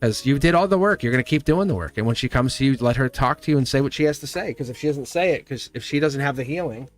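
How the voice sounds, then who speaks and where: A man's voice: medium pitch, expressive, quick pace, soft background music. A man giving a casual tarot reading to camera. He is chatty and reassuring, often asks "see?" and chuckles as he talks. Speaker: tarot reader.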